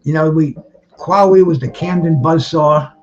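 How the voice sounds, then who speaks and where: A man's voice: fairly high pitch, measured pace, a little hiss or hum. A man hosting a live-streamed boxing talk show in casual chat, rambling, restarting his words and greeting viewers by name. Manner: restarts and repeats words often. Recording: dull lo-fi sound with faint music behind.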